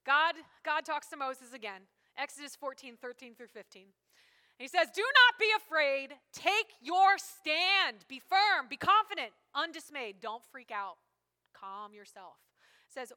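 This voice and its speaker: A woman pastor preaching a sermon in a lively, joking, conversational way. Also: high-pitched. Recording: long hall reverb.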